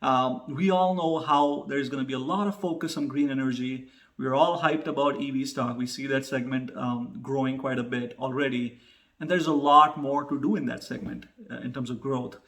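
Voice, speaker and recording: A man's voice: mid-range voice, steady tone, normal speed. A man hosting a casual investing talk, chatty, with many fillers and "okay?" asides. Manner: loud upbeat opening jingle shout. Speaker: host.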